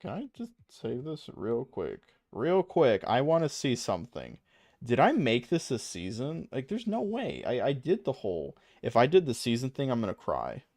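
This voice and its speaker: Streaming a video game, a young adult man rambles, mocks himself, swears plenty and laughs often. His mid-range, darkish voice swings hugely in pitch at a moderate pace, captured dry with clean studio sound.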